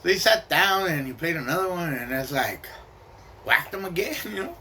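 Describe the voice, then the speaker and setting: A man's voice: a little high, expressive, moderate pace, pushed and bright, a little hiss or hum. A man telling a personal story casually, streetwise and profane, with slang and Spanish words mixed in.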